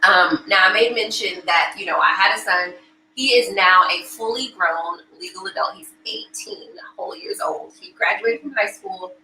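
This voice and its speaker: A middle-aged woman giving a motivational talk, telling a family story and acting out the voices with big jumps in pitch. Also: moderate pace, bright, forceful tone. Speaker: motivational speaker. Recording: echoey hall with faint noise.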